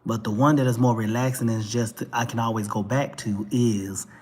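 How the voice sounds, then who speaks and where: A man's voice: medium pitch, fairly even intonation, moderate pace, a little hiss or hum. A man with a Texas twang hosting a talk show, giving a blunt, emphatic and profane ranting monologue that keeps hammering the same points. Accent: Texan twang.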